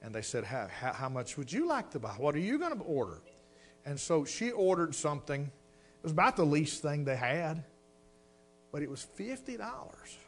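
A man's voice: on the high side, sing-song, moderate pace, faint music behind. A middle-aged man preaching a sermon, telling a folksy personal story and addressing the congregation as folks.

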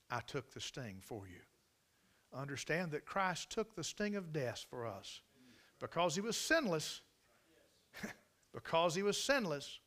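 A man preaching a sermon through a dramatic story, swinging between loud outbursts and hushed passages. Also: mid-range voice.

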